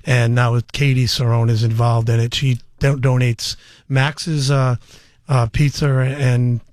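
A man co-hosting a casual interview, talking in halting bits full of fillers. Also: mid-range voice, flat delivery, darkish tone, dry recording, studio quality. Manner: halting, filler-heavy talk.

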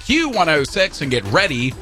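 A man's voice: on the high side, soft background music. A man hosting a rock radio show, joking with his co-host and reading a contest with a phone number. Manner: lively, jokey, quick to laugh.

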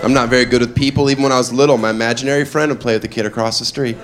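Deadpan stand-up comic in a crowded club. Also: male voice, mid-range voice, very fast, a little hiss or hum. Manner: deadpan one-liners with sudden shouted character bits. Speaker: stand-up comedian. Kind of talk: stand-up comedy set. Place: comedy club stage before a live audience. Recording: live club recording with loud crowd.

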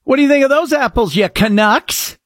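A man voicing a gloating, crowing fan who shouts drawn-out mocking chants. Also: very high voice, fairly even intonation, no echo, studio quality, pitched above the performer's own voice, exaggerated voice. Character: gloating, crowing male sports-fan type.

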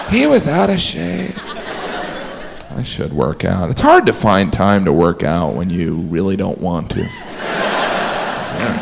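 A man's voice: medium pitch, creaky. A man doing a stand-up comedy set in a club, dry and self-mocking in his delivery. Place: comedy club stage with audience. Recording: live club with crowd noise.

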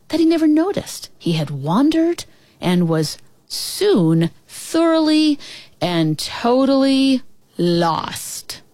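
A woman tells an animal story aloud with lots of expression. She speaks slowly, her pitch rising and falling in a lively way. The sound is close and dry. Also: no echo. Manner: expressive, addresses listeners as brothers and sisters.

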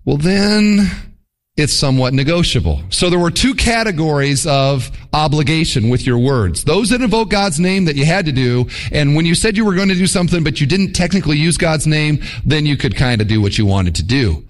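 A pastor delivers a sermon with a lively, swinging delivery. His voice sits a little high for a man. He drops into brief mock voices to illustrate his points. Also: brisk.

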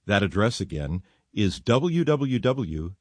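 A man's voice: fairly low pitch, big pitch swings, takes it slowly, darkish tone, no room sound, studio quality. A man reading a scripted outro announcement in a plain announcing manner.

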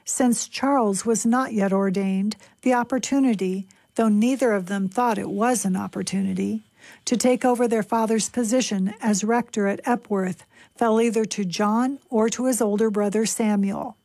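Woman, radio book reading, calm measured delivery, dry close sound. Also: mid-range voice, no echo.

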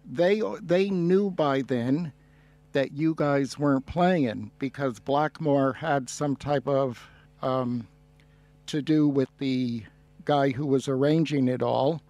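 A man hosts a radio interview, talking slowly and with many restarts as he reminisces. His voice is mellow and sits a little high. It sounds dry and close to the mic. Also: dry recording. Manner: slow, rambling, reminiscing with restarts. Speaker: radio host.

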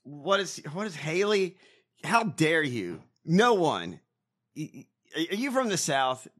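A man's voice: on the high side, big pitch swings, slow pace, fairly bright tone. A man hosting a podcast in casual political chat, blunt and mocking, swearing heavily. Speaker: podcast host.

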